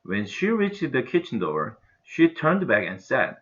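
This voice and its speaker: Expressive man reading a storybook. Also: medium pitch, a little slow, highs cut off. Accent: Korean. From Korea. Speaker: English teacher reading aloud. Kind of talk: reading a children's novel aloud.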